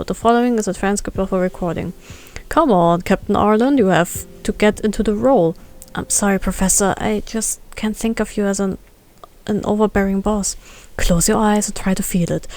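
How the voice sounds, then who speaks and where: A woman's voice: mid-range voice, darkish tone. Woman streamer reading game lines. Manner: playful, reads all the dialogue aloud and barks for the dog. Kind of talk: reading game text aloud while playing.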